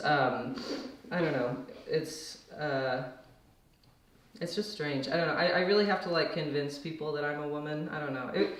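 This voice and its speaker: A young woman from the rural Midwest doing a stand-up set, rambling and self-deprecating with lots of fillers and restarts. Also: deep voice. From rural Minnesota / Wisconsin. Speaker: stand-up comedian. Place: comedy venue with audience laughter. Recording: very echoey distant room mic, loud noise. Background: audience laughter.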